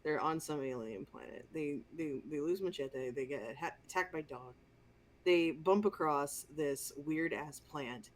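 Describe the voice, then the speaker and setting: Animated, profane woman podcast host. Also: sits low, unhurried. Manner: animated, profane, exasperated storytelling. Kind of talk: casual movie review chat.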